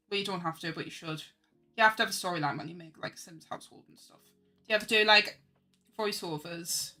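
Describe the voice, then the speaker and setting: A woman's voice: on the low side, pushed and bright. Chatty young woman streamer. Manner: chatty and self-mocking, laughs often, answers chat. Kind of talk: casual chat while drawing on stream.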